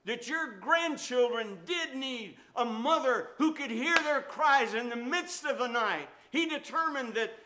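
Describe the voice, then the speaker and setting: A man's voice: extremely high pitch, measured pace, few pauses, noisy background, pitched above the performer's own voice. A man voicing an overjoyed young husband exclaiming to his wife and mother. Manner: excited, exclaiming.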